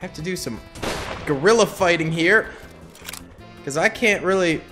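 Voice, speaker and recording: A man's voice: sits high, normal speed, bright, forceful tone, faint music behind. A young man hosting a gaming channel, giving goofy, hyped gameplay commentary full of yelps.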